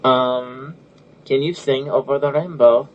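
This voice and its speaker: A man's voice: mid-range voice, fairly even intonation, takes it slowly. A man hosting a casual podcast chat, talking loosely with frequent restarts and laughs. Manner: chatty, laughs often, restarts. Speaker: podcast host. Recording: lo-fi audio with faint noise.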